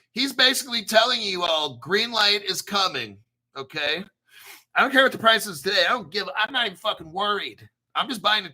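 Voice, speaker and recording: A man's voice: high voice, bright, forceful tone. An American man hosting a crypto livestream, reading the chat and articles in a hyped, brash, rambling way with some swearing. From United States. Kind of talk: excited livestream commentary.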